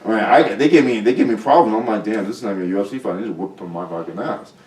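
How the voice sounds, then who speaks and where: A man talking as a guest fighter in a casual podcast chat, blunt and profane with animated storytelling. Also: on the low side, racing. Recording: roomy sound from a distant mic.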